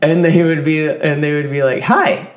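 A young man co-hosting a podcast, telling animated stories in casual chat and swearing freely. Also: a little high, moderate pace, background noise. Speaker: podcast co-host.

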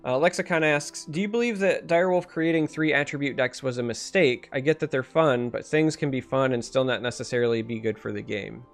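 A man co-hosting a streamed podcast, thinking aloud as he talks. His pitch sits mid-range for a man. Faint music plays behind him. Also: fairly even intonation, brisk, few pauses. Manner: thinking aloud with many restarts and fillers. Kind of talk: casual podcast chat.

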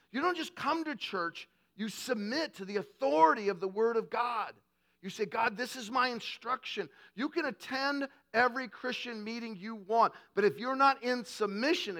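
High-voiced bright animated pastor. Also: male voice. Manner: animated preaching, big swings between loud emphasis and quiet asides. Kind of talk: sermon.

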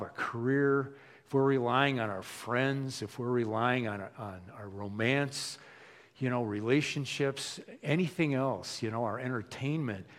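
Male pastor, casual storytelling sermon, middle pitch. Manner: conversational, animated, acts out quoted voices.

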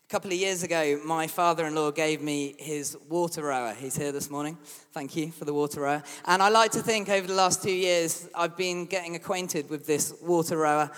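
A man's voice: a little high, a little fast, fairly bright tone, clean tone. A British man preaching a sermon, telling a humorous, self-mocking story. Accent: British English. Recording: long hall reverb.

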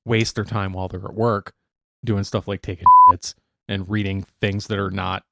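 A man hosting a podcast in casual chat, talkative and quick to laugh. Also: fairly low pitch, flat delivery, sharp tone, a little hiss or hum. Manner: chatty, laughs easily. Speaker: podcast host.

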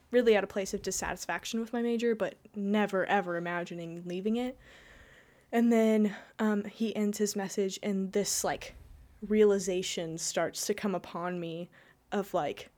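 A woman's voice: medium pitch, fairly even intonation, a little slow, darkish tone. Chatty young woman sharing a testimony. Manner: rambling, lots of "like" and restarts, laughs while telling. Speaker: guest. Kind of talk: personal testimony in casual conversation.

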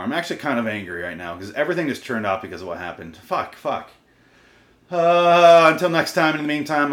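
A man's voice: lowish voice, fairly bright tone. Profane, exasperated man ranting in an echoey room. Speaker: vlogger. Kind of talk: ranting solo video. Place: room recorded on camera and portable recorder.

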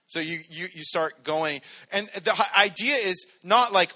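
A man's voice: high-pitched, a little slow, bright, forceful tone. A man preaching a casual, conversational sermon, joking and acting out little quotes. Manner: casual, jokey, acts out quotes in voices. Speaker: pastor.

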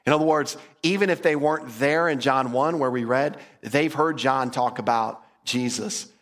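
A man's voice: medium pitch, normal speed, a bit bright. A male pastor preaching a casual, humorous sermon, acting out little quotes as he goes. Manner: conversational, humorous, acts out quotes.

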